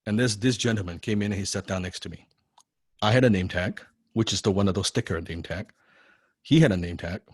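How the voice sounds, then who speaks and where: Animated, swearing male course teacher. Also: lowish voice, brisk, husky, no room sound, clean studio sound. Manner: animated and profane, repeats words when excited; frequent rhetorical "right?". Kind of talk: personal story told in a lecture.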